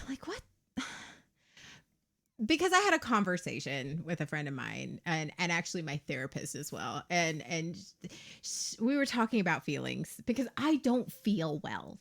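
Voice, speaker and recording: Woman, 30s, livestream host, casual chat, candid, cursing, lively pitch. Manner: candid, swears often, laughs a lot. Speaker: streamer hosting her own show.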